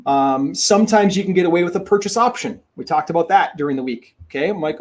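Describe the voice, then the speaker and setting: A man teaching real estate investing in a webinar, talking in an emphatic, energetic way and repeating his key points. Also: fairly high pitch, quick pace, few pauses. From Minnesota.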